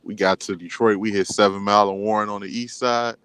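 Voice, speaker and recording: Laid-back man from Chicago, co-host, casual teasing chat, somewhat low voice. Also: steady tone, fast talker, fairly bright tone, clear, resonant tone, dry recording. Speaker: podcast co-host.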